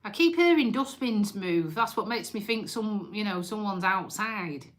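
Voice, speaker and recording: A woman's voice: mid-range voice, expressive, measured pace. A woman hosting a casual live stream, chatting and joking with viewers, swearing freely and teasing them. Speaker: livestream host.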